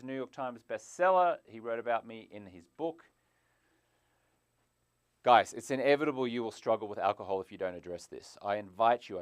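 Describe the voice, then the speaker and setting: A man hosting a live stream as a sobriety coach, animated, jumping from loud bursts to quiet asides, on a clip-on mic indoors. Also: mid-range voice, smooth, no room sound. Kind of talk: energetic live stream pitch. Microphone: clip-on lapel mic.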